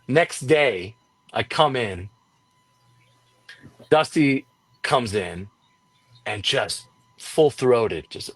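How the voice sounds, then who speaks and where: A man's voice: extremely slow, long pauses, breathy edge, dry recording. A man who works as a wrestling commentator, telling a story as an interview guest in casual talk, acting out the quotes of others with a raised voice. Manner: animated storyteller, acts out quotes with raised pitch.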